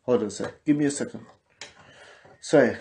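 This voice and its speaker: On a casual livestream, a podcast host from England speaks with a London accent, chatting loosely and reading comments from his viewers. His voice is warm, medium in pitch, and moves at a normal speed. He tends to repeat himself and uses loose street slang in his chatty delivery.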